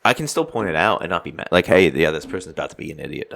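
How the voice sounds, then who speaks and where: A man's voice: low-pitched, sing-song, rapid-fire, vocal fry, a bit bright. A man co-hosting a casual podcast, ranting bluntly and swearing freely. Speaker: podcast co-host.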